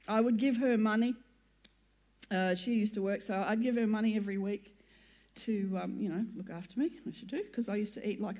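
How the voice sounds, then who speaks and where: A woman's voice: medium pitch, a little mellow. Rambling older woman telling a testimony. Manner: rambling, self-interrupting, laughs often. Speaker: church speaker sharing her testimony. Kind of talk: chatty personal storytelling to an audience.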